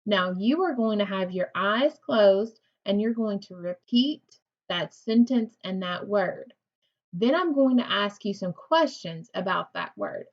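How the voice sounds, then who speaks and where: Slow, patient woman teaching phonics. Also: mid-range voice. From United States. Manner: slow, patient, encouraging, drawn-out words. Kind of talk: recorded phonics lesson for second graders. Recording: dull lo-fi recording.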